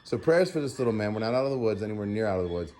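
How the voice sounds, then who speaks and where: A man's voice: fairly low pitch, lively intonation, racing. A tired man vlogging at home after a sleepless night, rambling with lots of fillers as he talks to the camera. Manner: rambling, filler-heavy, soft baby talk to a puppy. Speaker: animal sanctuary vlogger. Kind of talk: casual talk to camera.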